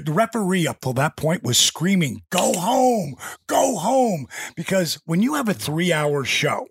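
A man in his sixties, an interview guest telling stories in a casual, animated way and acting out quotes and sound effects. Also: a little high, vocal fry, breathy edge, no room sound, clean studio sound.

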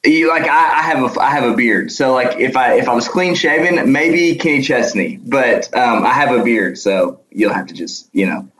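A man's voice: medium pitch, lively intonation, moderate pace, hardly any pauses, fairly bright tone. Hesitant Arkansas man in an echoey room. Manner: hesitant, many fillers and restarts, laughs easily. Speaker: guest, nonprofit founder. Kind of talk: casual interview.

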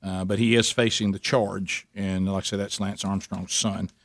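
A man co-hosting a talk radio show, reading news and chatting casually with a rambling, animated delivery. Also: low-pitched, moderate pace, no room sound. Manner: rambling, animated when joking.

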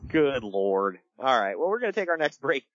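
Guy hosting a podcast, super animated up and down voice, dry slightly dull audio. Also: mid-range voice, no room sound. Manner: animated storytelling with laughs and quick impressions. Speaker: podcast host. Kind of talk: casual wrestling podcast chat.

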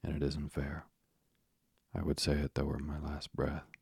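A man's voice: a bass voice, monotone, normal speed, gravelly, darkish tone, breathy edge, dry recording, studio quality, exaggerated voice. A man reading aloud, voicing a proud, pompous middle-aged father who blusters and pities himself. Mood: blustering. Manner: blustering, self-pitying.

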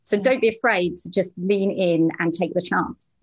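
A woman's voice: lowish voice, moderate pace, breathy edge, poor audio. A woman guest on a podcast, talking in an earnest, encouraging way about her journey. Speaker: podcast guest, program graduate. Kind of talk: casual interview.

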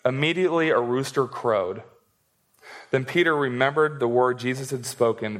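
Young male pastor, mid pitch, relaxed and jokey preaching delivery. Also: moderate pace. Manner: casual and joking, laughs while preaching. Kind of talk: sermon.

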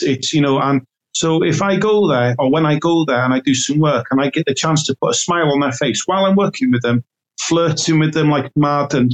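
A man with a fairly high-pitched voice, heard on a rough recording, chats casually on a podcast. He's a self-employed decorator who tells stories warmly, with many fillers and restarts.

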